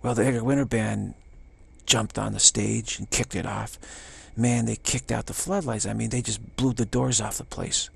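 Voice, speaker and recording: Gravelly-voiced older man telling stories. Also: fairly low pitch, fairly even intonation, normal speed. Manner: rambling storytelling, acting out little dialogues, chuckling. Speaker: spiritual teacher. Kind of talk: informal satsang talk.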